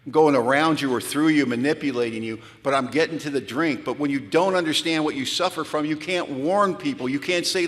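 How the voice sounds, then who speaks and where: A man's voice: a little high, brisk, hardly any pauses, fairly bright tone. Candid man telling his story in a hall. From United States. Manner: candid, self-mocking, dramatic storytelling. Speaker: recovery speaker. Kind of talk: storytelling talk to a live audience. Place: large hall. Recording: hall reverb from a live talk.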